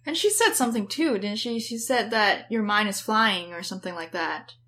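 Woman co-host, casual chat, mid-pitch voice, short replies mostly. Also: animated, normal speed, bright, forceful tone. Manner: brief agreeing replies. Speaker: podcast co-host.

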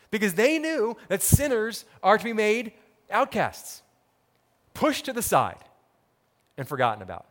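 A man preaching a sermon, telling a parable dramatically and acting out the characters' words. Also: high-pitched. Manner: dramatic storytelling, acts out quoted characters. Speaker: pastor.

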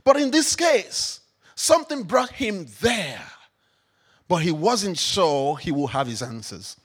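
A man preaching a sermon as pastor, emphatic, swinging between loud declarations and quiet reflection. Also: sits high, very animated, slow, husky.

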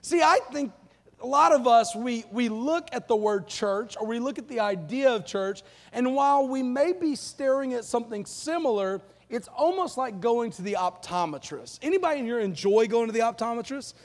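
A man preaching a live sermon to a congregation, lively and joking in a casual, down-to-earth way. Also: very high-pitched, normal speed. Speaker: pastor. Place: church auditorium. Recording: long reverb of a large hall.

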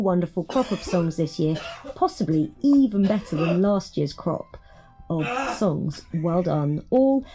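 A woman's voice: lowish voice, dark tone. A woman comedian reading out her votes in a dry, mock-gushing way. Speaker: comedian and streamer.

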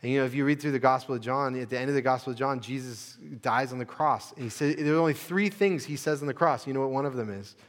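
A male pastor from the United States delivers a sermon with earnest conviction, rising to emphatic peaks before falling back to hushed, quiet phrases. His voice sits at an ordinary middle pitch. The sound carries the long reverb of a church sanctuary. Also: fast talker, hardly any pauses. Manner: earnest preaching, building to emphatic peaks and dropping soft.

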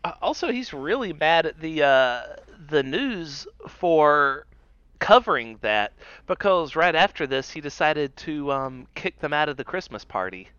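Bright, lively sarcastic man, dull audio. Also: on the high side, unhurried, clean tone, dry recording. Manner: sarcastic, swearing, mocking quotes. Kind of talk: casual political chat.

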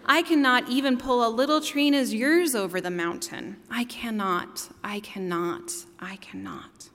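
A tired old male engine from a storybook, sighing and whispering in weary defeat, as a woman puts him on. Her breathy voice hangs in a long hall reverb. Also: sits high, lively intonation, moderate pace, a bit bright.

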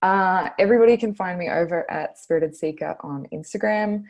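A woman in her twenties with an Australian accent, a guest talking casually on a podcast, earnest and quick to laugh. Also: fairly low pitch, a little mellow. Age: 20s. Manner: earnest, laughs often, speaks slowly when stressing a point.

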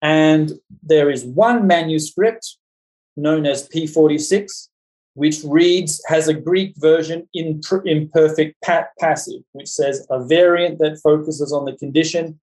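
A man teaching a Bible study group, talking in fast, halting bursts with many restarts and fillers. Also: fairly high pitch, a little mellow, rough recording. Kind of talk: lecture with group discussion.

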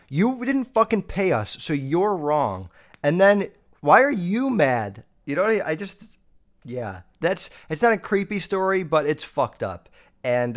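A man hosting a show, reading listener messages and riffing on them with constant swearing. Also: a little high. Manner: profane, animated, riffing. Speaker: podcast host.

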